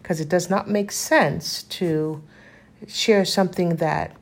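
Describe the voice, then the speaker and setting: Woman, fifties, lowish voice, casual heartfelt vlog, earnest, spiritual, rambling, frequent pauses. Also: steady tone, gravelly. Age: 50s. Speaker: lifestyle vlogger.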